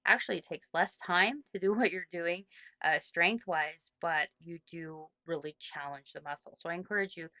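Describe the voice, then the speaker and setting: Woman, middle-aged, running coach, casual Q&A, rambling, slightly low voice, dry muffled recording. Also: moderate pace, pushed and bright, no room sound. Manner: chatty, rambling, frequent restarts and fillers. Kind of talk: casual Q&A advice.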